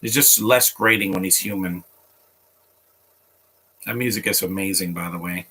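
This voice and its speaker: A man's voice: low-pitched, normal speed, bright, forceful tone, husky. A man streaming live and chatting casually to viewers while reacting to a film, rambling and often stumbling and restarting his sentences. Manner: chats directly to viewers.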